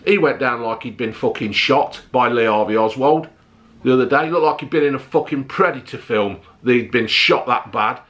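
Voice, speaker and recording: A man's voice: medium pitch, normal speed. Blunt swearing man ranting. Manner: blunt, heavy swearing, rising to shouty outbursts. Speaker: vlogger. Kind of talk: ranting monologue to camera.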